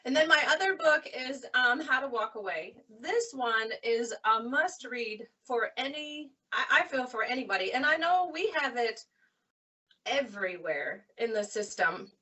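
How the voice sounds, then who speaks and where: A woman librarian chatting casually about books, retelling stories in an animated way. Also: a little high, a little slow, recorded from a distance. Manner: animated retelling, acts out characters' lines. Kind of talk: casual book recommendation chat.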